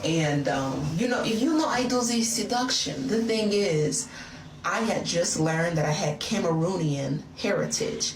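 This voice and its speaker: A woman's voice: on the low side, lively intonation, measured pace, a crowd in the background. Chatty woman telling a wild story. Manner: chatty, playful, addresses listener as "girl". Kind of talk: casual confessional storytelling. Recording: roomy, distant, noisy phone audio.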